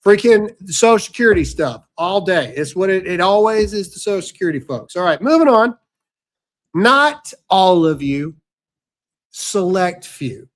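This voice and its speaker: A man's voice: high-pitched, big pitch swings, moderate pace. A man hosting a podcast, talking in a brash, sarcastic, ranting way, including an ad read. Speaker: podcast host. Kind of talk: casual commentary with ad read.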